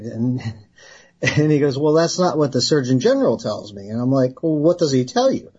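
Man, middle-aged, husky, mellow, storytelling guest, slightly dull lo-fi sound. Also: medium pitch, moderate pace. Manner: animated storyteller who acts out quoted dialogue and laughs. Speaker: guest, retired Army researcher. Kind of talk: storytelling in an interview.

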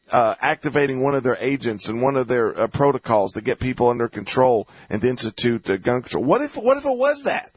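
A man's voice: mid-range voice, husky, no room sound. A man hosting a talk radio interview, talking in an impassioned, repetitive way that builds to heated outbursts. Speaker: radio host.

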